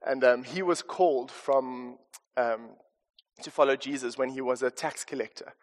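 A man's voice: medium pitch, steady tone, moderate pace. South African man preaching a conversational sermon. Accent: South African English. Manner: conversational, earnest, chatty asides with fillers. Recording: long reverb of a church hall.

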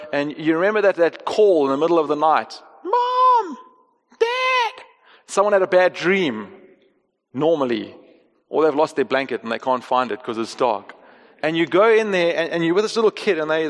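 A man preaching a sermon, earnest, moving between soft slow passages and raised emphatic ones. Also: on the high side. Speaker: pastor. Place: church hall. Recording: long hall reverb.

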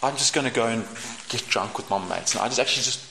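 A man voicing a weary young man who is fed up and ready to quit, in a low, grumbling voice. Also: quick pace, creaky, pushed and bright, roomy sound, slight background noise, rough recording. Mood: fed-up grumble.

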